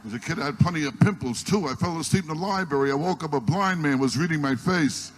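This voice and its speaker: Stand-up comedian, male, a touch high, exasperated rapid-fire one-liners, noisy old live tape. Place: live stage before an audience. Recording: noisy archival live recording.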